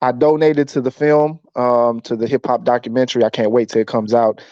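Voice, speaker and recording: A friendly male caller who talks in an agreeable, chatty way. His voice is mellow. It comes through a dull, muffled line with a dry sound. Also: mid-range voice, level tone, fairly quick, dry recording.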